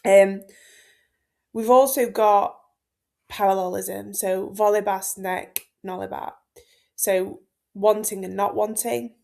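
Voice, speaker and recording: A woman's voice: mid-range voice, fairly even intonation, takes it slowly, creaky, pauses often, darkish tone. A young woman walks students through a text like a friendly tutor. She talks casually, with frequent ums, likes and offhand asides as she explains. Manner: chatty, many ums and likes, informal asides. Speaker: Latin teacher. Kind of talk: casual exam-focused lesson walkthrough.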